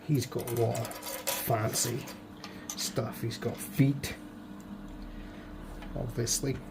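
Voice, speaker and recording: Hoarse guy slowly muttering thru a toy build, kinda self-mocking, noisy hiss behind him. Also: medium pitch, flat delivery. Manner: muttering to himself, self-deprecating. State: hoarse, voice going. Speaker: toy model builder vlogger. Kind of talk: casual build commentary.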